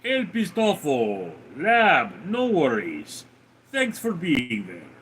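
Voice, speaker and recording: A man hosting a livestream, reading viewer comments aloud and answering them with dry, deadpan remarks. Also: a little high, slow, a little hiss or hum. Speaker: livestream host reading chat.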